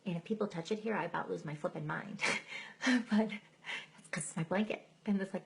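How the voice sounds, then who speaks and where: A woman's voice: fairly low pitch, normal speed, creaky, low-quality recording. A middle-aged woman giving a candid, emotional personal testimony live on a stream, laughing at herself as she tells it. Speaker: speaker sharing her testimony. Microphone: phone or computer mic on a live stream.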